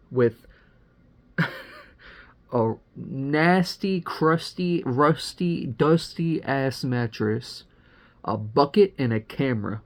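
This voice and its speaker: A man's voice: medium pitch, creaky, a little mellow. Young man rambling through a profane movie recap. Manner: rambling, profane and slangy, full of fillers. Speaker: movie reviewer. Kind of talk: casual spoiler recap.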